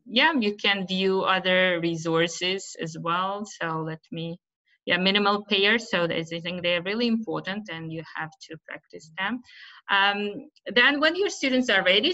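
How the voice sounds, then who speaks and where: Bright-voiced Uzbek-accented woman teacher. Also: on the low side. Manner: explanatory, many fillers and "right?" checks. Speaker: teacher trainer. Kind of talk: webinar presentation. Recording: dull lo-fi webinar audio.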